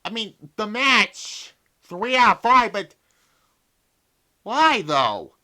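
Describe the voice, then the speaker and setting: Young male vlogger, exasperated and profane, slightly higher voice. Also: sing-song, slow pace, bright, forceful tone. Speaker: wrestling show reviewer. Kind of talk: casual video review.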